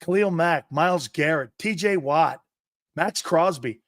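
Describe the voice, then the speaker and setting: A man's voice: on the high side, measured pace, no room sound, clean studio sound. A man hosting a sports talk show, giving a brash, profane monologue that acts out overheard conversations.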